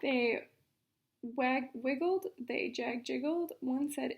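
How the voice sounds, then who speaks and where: A woman reading a picture book aloud for children's story time in an expressive, dramatic manner. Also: high-pitched, normal speed, gravelly, dull audio.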